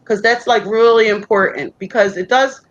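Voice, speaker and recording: A woman's voice: on the high side, moderate pace, lo-fi sound, a little hiss or hum. A woman giving a chatty, reassuring psychic reading on a live stream, full of fillers like "you know". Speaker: psychic co-reader.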